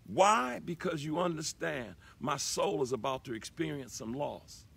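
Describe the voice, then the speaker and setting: A man with a high, husky voice delivers an inspirational talk on a live broadcast. He preaches emphatically, and his pitch swings widely as he repeats his key lines. The tone is bright and intense. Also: animated, measured pace. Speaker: broadcast host.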